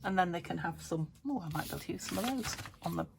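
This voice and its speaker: Gravelly low-voiced British woman crafting. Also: rapid-fire. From United Kingdom. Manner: rambling, thinks aloud, soft muttered asides. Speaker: craft vlogger. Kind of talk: casual chat while crafting. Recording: steady background noise.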